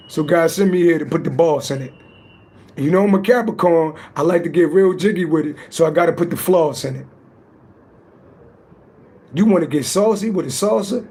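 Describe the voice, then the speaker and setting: A man's voice: a little high, mellow, slightly rough. A man hosting a live psychic stream, trading playful rhyming roasts and reading a spiritual text aloud. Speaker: livestream psychic reader.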